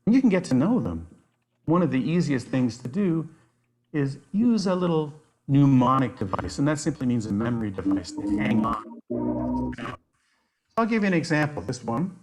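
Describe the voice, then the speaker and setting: A man presenting an online workshop on nature activities, enthusiastic and given to animated storytelling. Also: mid-range voice, moderate pace, very noisy. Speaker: outdoor educator, workshop presenter.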